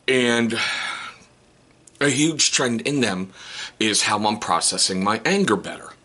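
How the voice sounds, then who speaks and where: A man's voice: fairly low pitch, lively intonation, slow pace, pushed and bright, slightly rough. A man in his forties talking candidly to camera in a casual vlog, joking between points and asking rhetorical questions. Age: 40s. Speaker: vlogger. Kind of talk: casual self-help talk to camera.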